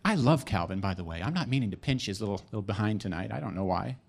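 A man's voice: on the low side, lively intonation, fast talker, vocal fry. A man preaching a sermon with emphatic delivery and playful joking asides.

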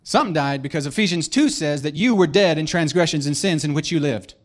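Animated preacher man, high-ish voice. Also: a little fast. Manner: animated, emphatic, with joking asides. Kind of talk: sermon.

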